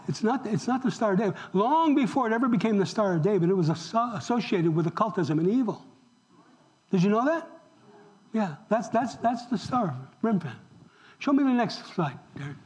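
A man's voice: high-pitched, normal speed, pauses often, a little hiss or hum, rough recording. A man preaching a sermon, talking straight to the congregation and asking them questions. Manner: animated, asks the congregation questions. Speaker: pastor.

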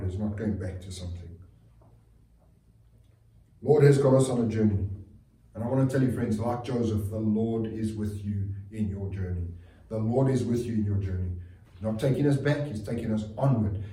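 A man's voice: mid-range voice, mellow. A man preaching a sermon as a pastor, earnest and repetitive, often restarting his phrases. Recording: roomy, distant mic.

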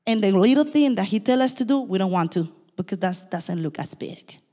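Fast-talking woman pastor preaching in a reverberant hall. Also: mid-range voice, animated, warm tone. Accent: non-native English accent. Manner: fast, emphatic preaching with asides and apologies. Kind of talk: sermon.

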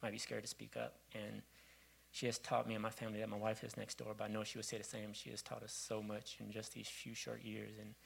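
Fast gravelly low-voiced man. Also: monotone, poor audio. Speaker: church member giving a farewell tribute. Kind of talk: heartfelt church farewell speech. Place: church sanctuary.

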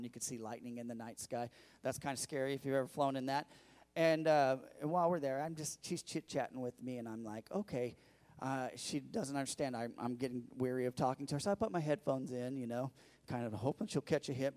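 Brief: middle-aged male pastor, sermon storytelling, lively and chatty with the congregation, medium pitch. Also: in a large hall. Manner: animated, conversational, addresses the congregation directly.

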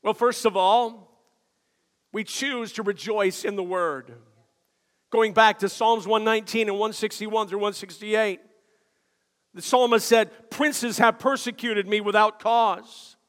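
An older male pastor preaching a sermon, telling stories with frequent "uh" fillers and building to shouted emphasis. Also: high-pitched, steady tone, unhurried, pauses often. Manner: storytelling preacher with many "uh" fillers, rising to shouts. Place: church sanctuary. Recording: long hall reverb.

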